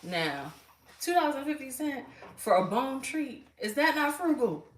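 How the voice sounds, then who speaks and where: A woman's voice: high-pitched, big pitch swings, unhurried, distant mic. An older woman hosting a casual livestream, chatting straight to her viewers from home on a phone camera. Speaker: livestream host. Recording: echoey room, voice off-mic, faint noise.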